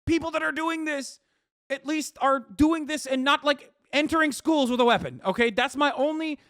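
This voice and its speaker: A man's voice: extremely high pitch, moderate pace, sharp tone, no room sound, clean studio sound. A man streaming live, reacting to clips and answering chat in a heated, profane rant. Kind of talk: livestream reaction commentary.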